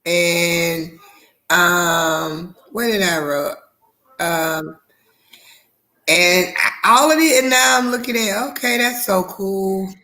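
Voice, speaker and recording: A woman's voice: fairly low pitch, slow, sharp tone. A woman co-host in casual chat, talking in a rambling way with frequent restarts and easy laughter.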